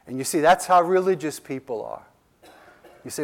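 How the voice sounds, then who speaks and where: A man's voice: medium pitch, lively intonation, moderate pace. A man preaching a sermon with emphatic delivery, repeating key lines and letting his voice rise and drop sharply. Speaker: pastor.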